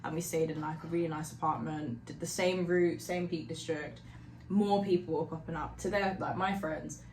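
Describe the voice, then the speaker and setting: A woman who founded a hiking group chats as a podcast guest, bubbly and quick to laugh, in a casual conversation. Her voice is low-pitched, steady and darkish at normal speed, in a roomy recording with faint background noise.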